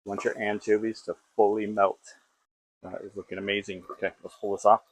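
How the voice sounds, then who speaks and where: A man's voice: on the low side, little pitch movement, brisk, slight background noise. A man hosting a casual home cooking vlog, talking to himself in a playful, jokey way while he cooks in his kitchen.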